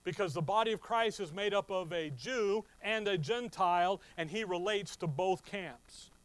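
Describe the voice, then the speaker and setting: Male Bible teacher, slightly high-pitched, conversational, slows for emphasis. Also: rough recording. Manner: conversational teaching, rising to slow emphatic stress. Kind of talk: sermon.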